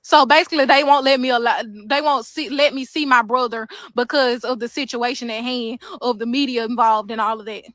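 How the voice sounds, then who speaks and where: A woman's voice: on the high side, fairly quick, hardly any pauses, no echo. A woman, upset as she retells a prison visit, acting out the exchanges she describes. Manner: upset, animated retelling with quoted dialogue. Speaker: inmate's sister recounting a prison visit. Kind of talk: casual first-person account. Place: outdoors near a prison.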